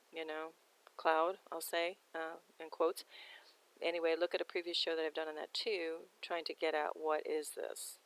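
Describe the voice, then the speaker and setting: A woman's voice: low-pitched, vocal fry, low-quality recording. A woman hosting her own sky observation show, talking casually over a set of photos, rambling with many ums and restarts.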